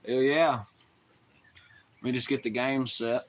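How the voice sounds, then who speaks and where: A man's voice: medium pitch, fairly even intonation, measured pace. A man with a Southern US accent chatting casually on a live stream, rowdy and profane, rambling in folksy slang.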